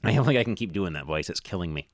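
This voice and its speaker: A man's voice: low-pitched, animated, racing, no room sound, studio quality. A man streaming a video game, reading its text aloud and adding wry, self-amused comments.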